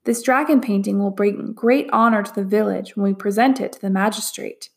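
A woman's voice: mid-range voice, fairly even intonation, brisk, gravelly, lightly acted. A woman voicing an eager, deferential young male apprentice in a storybook reading.

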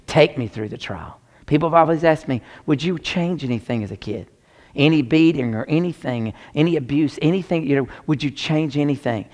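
A man preaching a sermon as pastor, swinging between loud exclamations and hushed near-whispers. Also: mid-range voice, fairly quick, long reverb tail.

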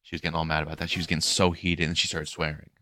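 A low-pitched man rattles through a story at a quick clip, casual and animated. He slips into mimicking the people he describes and swears freely. The sound is dry and close. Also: no room sound. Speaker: podcast host and pool lifeguard.

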